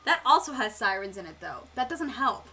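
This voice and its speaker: A woman's voice: a little high, big pitch swings, fairly quick, pushed and bright, soft background music. A young woman streaming a game, chatting casually and flustered, swearing and laughing as she plays. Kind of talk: casual gameplay commentary.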